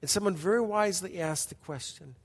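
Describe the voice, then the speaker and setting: Middle-aged pastor preaching in a hall. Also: male voice, high-pitched. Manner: emphatic, repetitive, dramatic pauses and hushed passages. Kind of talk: sermon storytelling. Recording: long hall reverb.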